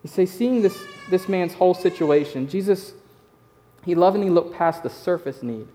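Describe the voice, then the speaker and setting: Emphatic preacher with a higher voice. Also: male voice, animated, moderate pace, warm tone. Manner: conversational and emphatic, repeating key phrases. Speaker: pastor. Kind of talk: sermon.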